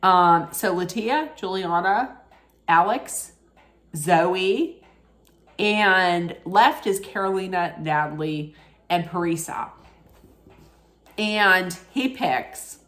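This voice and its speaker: A woman's voice: on the low side, drawn-out words, long pauses, fairly bright tone. A woman giving a casual, opinionated recap of a reality dating show, chatty, with frequent fillers and restarts.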